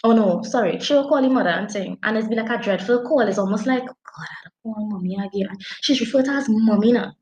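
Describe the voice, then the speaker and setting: A woman with a Trinidadian accent, chatting casually about a book as a podcast co-host, telling it with animated dialect. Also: fairly high pitch, fast talker, hardly any pauses, echoey room, slight background noise, rough recording. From Trinidad and Tobago. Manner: animated, dialect-heavy storytelling. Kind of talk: casual book review chat.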